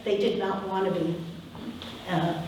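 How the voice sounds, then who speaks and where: A woman's voice: mid-range voice, fairly even intonation, a little slow, a little mellow, slight background noise. A woman addressing an audience in a public talk, earnest and emphatic, often repeating her points. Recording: echoey hall from far off.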